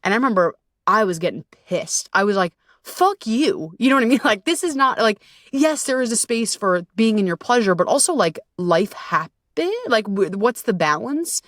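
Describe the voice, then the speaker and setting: A woman's voice: mid-range voice, expressive, a little fast, a bit bright, dry recording. Female podcast host, casual and frank with frequent swearing, mid-range voice, dry close sound. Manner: candid, profane, conversational with frequent fillers. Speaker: podcast host and self-love coach. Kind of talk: casual storytelling monologue.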